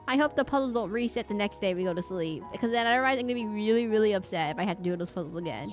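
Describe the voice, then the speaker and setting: A woman's voice: on the high side, expressive, quick pace, few pauses, a bit bright, soft background music. A young woman, a VTuber streamer, chatting through live gameplay commentary and exclaiming as she reads game dialogue aloud.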